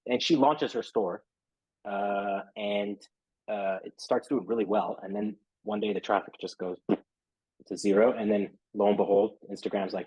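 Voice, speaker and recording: A man's voice: on the low side, steady tone, normal speed, a little mellow, breathy edge, no room sound, poor audio. A man talking casually as a guest in an interview, rambling and filling his talk with "you know" and "right?". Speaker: podcast guest, SEO marketer.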